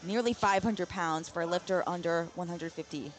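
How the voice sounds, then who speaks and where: A woman giving live powerlifting commentary, excited and exclaiming at big lifts. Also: lowish voice, normal speed.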